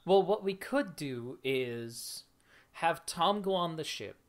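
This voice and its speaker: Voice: medium pitch, animated, takes it slowly. A player and stream host in a tabletop game, talking in an upbeat way.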